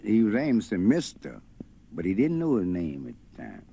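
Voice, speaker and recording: A man's voice: deep voice, sing-song, normal speed, creaky, dark tone. A man telling a folk tale in a loose, folksy spoken way. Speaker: storyteller. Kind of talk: folk tale told over guitar. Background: faint guitar.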